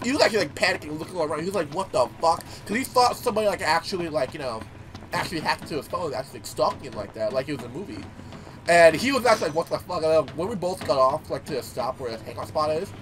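A man's voice: fairly high pitch, slight background noise. A man giving casual gameplay commentary, telling stories animatedly, swearing and laughing often. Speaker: gaming YouTuber.

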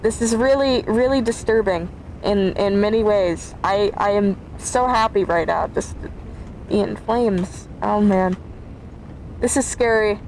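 A woman's voice: medium pitch, slow, darkish tone, slight background noise, low-quality recording. A woman streaming a horror game, chatting to viewers and easily scared as she plays. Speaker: gaming YouTuber. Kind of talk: let's play commentary.

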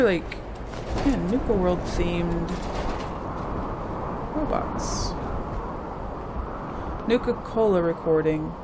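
Slow, musing woman gaming host. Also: lowish voice, gravelly, background noise. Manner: thinks aloud, muttering asides. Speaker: let's play host. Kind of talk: gameplay commentary.

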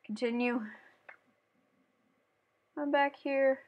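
Excitable high-voiced woman gaming. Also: slow, pauses often. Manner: excitable, shrieks and yells at the game; playful, talks to the game and her cat. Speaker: gaming channel host. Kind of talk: let's play commentary.

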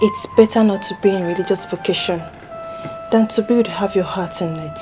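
An actress playing a senior nun with a Nigerian accent, speaking in a calm, reassuring way. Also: female voice, mid-range voice, a little fast, over music, close to an everyday voice. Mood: gentle advice. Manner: soothing, reassuring. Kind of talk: film drama acting. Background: loud film score.

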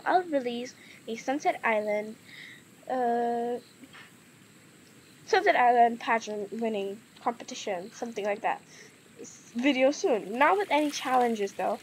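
Giggly high-voiced woman vlogger. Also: a little hiss or hum, poor audio. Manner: giggly, chatty, easily amused. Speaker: gaming and eating vlogger. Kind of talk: casual vlog chat.

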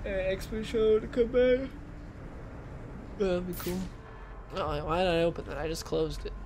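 A young man hosts a casual let's-play on his gaming channel, chatting and rambling as he plays and reacts. His voice is high-pitched with fairly even intonation and a measured pace, over a noisy background.

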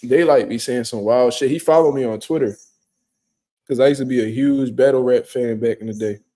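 A man's voice: medium pitch, fairly quick. A young man casually chatting on a livestream at home, reacting to viewer comments with loose, profane slang. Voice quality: profane, laid-back slang-heavy talk. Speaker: livestream host. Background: quiet room at home.

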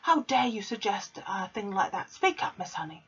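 A woman voicing a furious, bellowing giant of a headmistress who roars high and strained. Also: sing-song, normal speed, husky. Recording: dull lo-fi recording.

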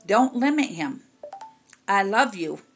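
A woman's voice: medium pitch, expressive, slow pace, soft background music. A woman minister preaching to her viewers, exhorting them with repeated commands and rising to emphatic peaks. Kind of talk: preaching to camera.

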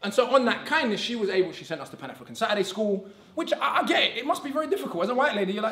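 A man gives a lively, conversational conference talk at a rapid clip. His voice sits high and sounds bright. The sound is echoey, as if recorded in a hall. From England. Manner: animated and conversational, tags lines with "right?". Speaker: conference speaker. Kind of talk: public talk.

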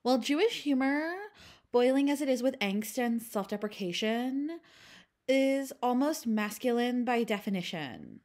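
A woman voicing a ditzy valley girl in a drawn-out lilt to mock a pompous man's words. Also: a little high, animated, a little mellow, pitched above the performer's own voice.

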